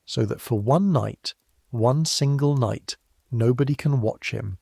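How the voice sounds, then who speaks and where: A man's voice: mid-range voice, a little slow, gravelly, mellow, slightly rough, no room sound, studio quality. Man voicing an eager gossiping young servant boy. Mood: excited gossip. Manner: talks with his mouth full, eager and bursting with news. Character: excitable young male kitchen servant, gossipy, breathless.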